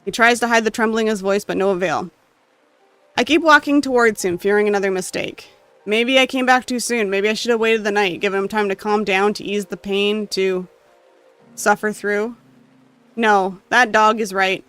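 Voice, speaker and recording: A gamer reading a story game's text aloud with emotional, expressive delivery and occasional asides. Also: medium pitch, normal speed, clear, resonant tone, faint music behind. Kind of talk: dramatic reading of game text.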